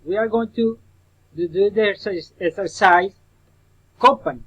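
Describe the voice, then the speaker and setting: A man teaching a recorded English pronunciation lesson, drilling example words slowly and repeatedly and addressing the listener as his student. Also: high voice, fairly bright tone, husky, dull audio.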